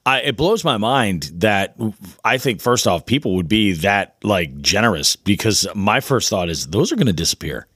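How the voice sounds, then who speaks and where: A man co-hosting a casual fishing podcast, agreeable and quick to affirm, who reads out listener questions. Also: on the low side, very animated, fairly bright tone, husky, no echo, studio quality. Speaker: podcast co-host.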